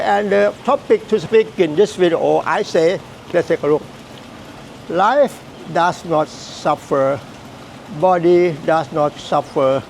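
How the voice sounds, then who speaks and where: High, gravelly man. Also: slight background noise, rough recording. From Thailand. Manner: repetitive, halting, emphatic phrasing. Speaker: Buddhist teacher. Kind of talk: dharma teaching.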